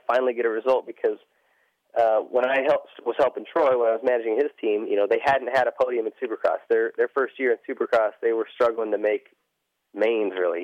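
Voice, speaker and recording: A man's voice: medium pitch, no echo, muffled recording. A man co-hosting a casual racing chat as a former team manager, chatty and self-deprecating.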